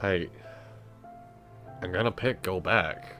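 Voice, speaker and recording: A man playing his character in a tabletop game, animated and laughing often. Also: low voice, slow pace, faint music behind. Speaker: player.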